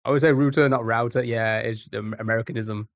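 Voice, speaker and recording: A man's voice: lowish voice, steady tone, quick pace. A young English man chatting casually to his live-stream viewers, rambling and reacting to their messages. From England.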